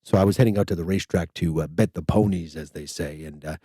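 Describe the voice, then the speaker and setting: A man's voice: low voice, fast, warm tone, slightly rough, no echo, studio quality. An older man hosting a podcast, telling a rambling story with lots of stammered restarts. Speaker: podcast host. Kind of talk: casual storytelling chat.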